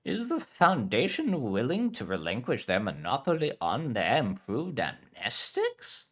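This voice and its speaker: Guy putting on a high, slow, teasing scheming mom, voice swoops all over. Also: wildly swooping pitch, gravelly, heavily acted. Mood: playful scheming. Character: scheming middle-aged Hispanic mother, playful dealmaker.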